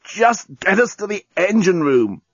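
A man voicing a gruff, wounded alien journalist who growls and gasps and dodges questions. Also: sits high, animated, moderate pace, fairly bright tone, no room sound, muffled recording, voice pushed up, heavily acted. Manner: growling, gasping.

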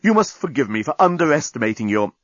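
A man voicing a smug male alien navigational officer who speaks slowly and deliberately, in a storybook reading. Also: medium pitch, very animated, a bit bright, no echo. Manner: slow, deliberate and superior. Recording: dull lo-fi recording.

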